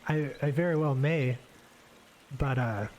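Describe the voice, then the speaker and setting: A man giving a relaxed, rambling live painting demonstration, thinking aloud with many fillers and restarts as he works. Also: medium pitch, measured pace, slight background noise. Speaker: art instructor painting live. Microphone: desk microphone on a livestream.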